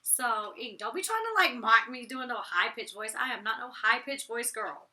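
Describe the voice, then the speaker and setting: A young woman with a raspy voice and a very sharp, tense tone, pitched a little high. She talks in a chatty, blunt vlog style, slangy and loose with mild cursing. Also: lively intonation, moderate pace. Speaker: reality TV personality reviewing her episode. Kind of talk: casual vlog commentary.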